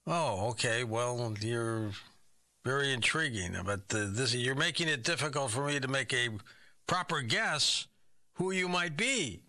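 Bright-voiced man hosting a guessing game. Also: mid-range voice, lively intonation, a little slow. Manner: curious, probing questions with puzzled reactions. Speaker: game show host. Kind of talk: comic radio game show hosting.

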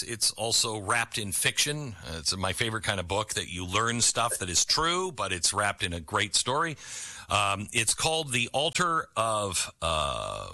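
A man's voice: lowish voice, bright, forceful tone, no room sound. A man hosting a talk radio show, chatting casually and rambling with many fillers.

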